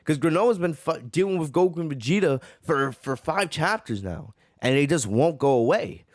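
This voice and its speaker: A man's voice: fairly high pitch, expressive, fairly quick, few pauses, no room sound, clean studio sound. A man hosting a manga reaction, talking eagerly and often checking in with "right?". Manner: eager, keeps asking "right?". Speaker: host.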